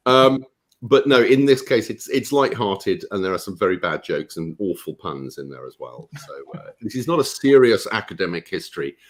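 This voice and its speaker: A man, a guest author on a live stream, talking about his book in a relaxed, jokey way. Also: fairly low pitch, moderate pace. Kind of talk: casual live-stream chat.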